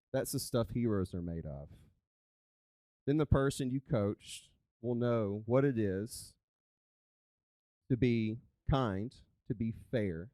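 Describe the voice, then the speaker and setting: A man telling a live story on stage as a coach, animated and conversational. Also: medium pitch, dry recording. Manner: animated, conversational, chatty with "like" fillers. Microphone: handheld microphone.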